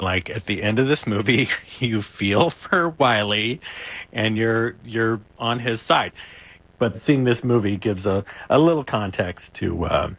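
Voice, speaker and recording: A man's voice: on the low side, fairly bright tone, slightly rough, dry recording. A man being interviewed as an actor guest, talking in a chatty way with frequent chuckles and restarts.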